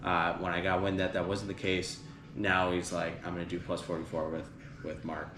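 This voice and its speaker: A deep-voiced man chats on a podcast and drifts through a long story full of ums and likes. The room is echoey, with a clear layer of background noise under him. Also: level tone, normal speed. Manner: rambling, many fillers, retelling band history. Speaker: podcast host. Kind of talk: casual podcast chat.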